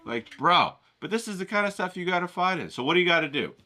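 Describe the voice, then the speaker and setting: A man's voice: sits high, fast. A man in a casual vlog, telling rambling, profane comic stories while he paints outdoors. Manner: profane, rambling, lively storytelling. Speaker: painting vlogger. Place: outdoors at a golf course.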